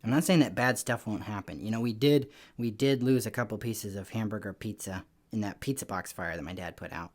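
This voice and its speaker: A man giving a lively children's church lesson, telling stories in an animated, playful way with little voices. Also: on the low side, fairly quick, few pauses. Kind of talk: lively kids' lesson talk.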